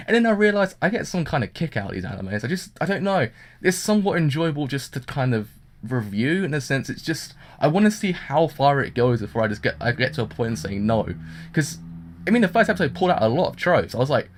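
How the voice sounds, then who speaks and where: This man's anime review is loose and rambling, packed with fillers, and he acts out what the characters say. His mid-range voice is lively in intonation and moves fairly quickly.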